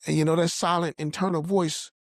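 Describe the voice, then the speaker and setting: A man's voice: on the high side, level tone, fairly quick, no echo, studio quality. A man sharing a personal faith testimony in earnest storytelling, acting out the voices of people he quotes. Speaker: podcast guest telling his testimony.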